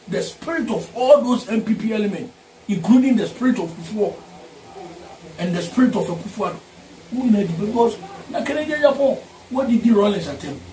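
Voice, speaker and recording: Fiery Ghanaian man, high voice, echoey. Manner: forceful, repeats lines for emphasis, mixes English and Twi. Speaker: party supporter. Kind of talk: heated political rant. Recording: echoey room, distant mic, faint ambience.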